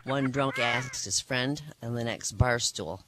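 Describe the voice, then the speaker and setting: Hosting a comedy night in a small cafe, this comedian tells jokes to a live audience slowly and with few pauses. He animates his material by leaping into high voices for characters. Heavy background noise fills the clip.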